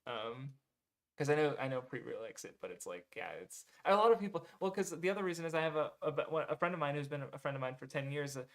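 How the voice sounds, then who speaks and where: A man's voice: a little high, expressive, quick pace, fairly bright tone. A man talking casually to viewers, rambling with lots of "um" and "like", correcting himself mid-sentence and swearing now and then. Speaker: streamer reading viewer recommendations.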